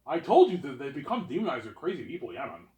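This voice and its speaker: Young man, casual vlogger, rambling talk, stuck on repeated words, average pitch, roomy echo. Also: huge pitch swings, fast, darkish tone. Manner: repetitive, stammering restarts.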